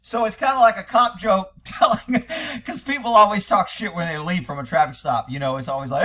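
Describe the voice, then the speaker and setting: A man's voice: fairly high pitch, animated, fast, bright, forceful tone. A middle-aged man, a former police officer, giving blunt, profane casual commentary and laughing often.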